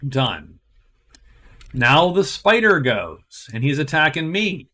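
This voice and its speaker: A man's voice: on the high side, very animated, slow pace, pushed and bright. A man narrating a solo board game playthrough, thinking aloud and explaining each move step by step.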